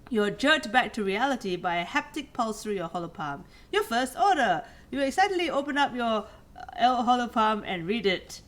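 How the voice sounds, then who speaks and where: A woman's voice: fairly high pitch, big pitch swings, normal speed, few pauses. A woman streaming a story game, reading its text aloud and chatting with self-deprecating humour. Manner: chatty, laughs at herself.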